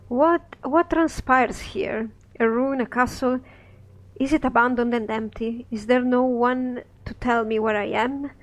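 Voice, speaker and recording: A man's voice: extremely high pitch, fairly even intonation, unhurried, rough recording. A man reading a scripted play aloud, voicing a lost, naive young woman who speaks in earnest, pleading verse.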